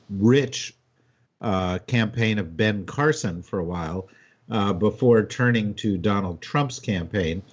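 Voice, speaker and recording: A man hosting a political panel discussion, steering the talk and using lots of fillers. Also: on the low side. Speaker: host. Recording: dull lo-fi audio.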